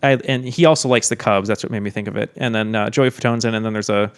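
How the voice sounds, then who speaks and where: A man's voice: lowish voice, fairly even intonation, quick pace, smooth. A man from Chicago with a light Chicago accent, co-hosting a podcast in casual chat, rambling with lots of ums and restarts. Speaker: podcast co-host. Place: recording studio.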